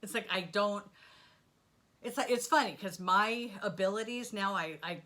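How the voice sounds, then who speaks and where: A middle-aged woman telling a rambling personal story in a casual monologue, animated and full of asides and sound effects. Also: medium pitch, normal speed. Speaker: spiritual vlogger.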